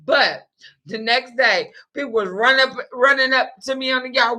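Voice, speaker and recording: A woman's voice: medium pitch, moderate pace, pushed and bright. A young adult woman telling a personal story in a rambling, emotional, profane way. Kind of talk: casual monologue.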